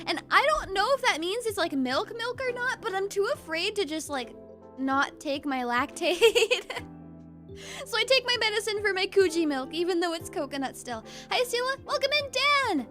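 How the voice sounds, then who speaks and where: Bubbly high-voiced woman streamer. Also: a bit bright. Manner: bubbly, giggly, reads chat aloud. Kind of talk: casual chat with viewers.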